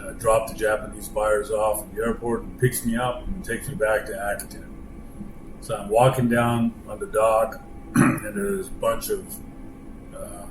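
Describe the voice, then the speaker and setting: A man sharing workplace stories in a plainspoken, halting way, recorded in an echoey room with an air-conditioning hum. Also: fairly low pitch. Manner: plainspoken, halting with frequent pauses. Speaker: longtime company employee sharing stories. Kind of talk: casual storytelling.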